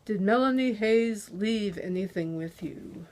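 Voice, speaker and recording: Woman reading a menacing male interrogator: slow, clipped, demanding. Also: mid-range voice, a little mellow, natural voice. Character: cold commanding male interrogator.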